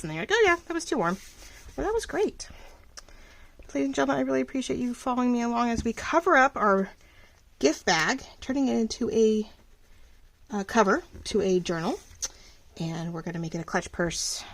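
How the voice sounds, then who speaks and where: A woman's voice: fairly low pitch, fairly bright tone, a little hiss or hum, rough recording. A woman vlogger chatting casually while she crafts, thinking aloud and restarting her sentences as she goes.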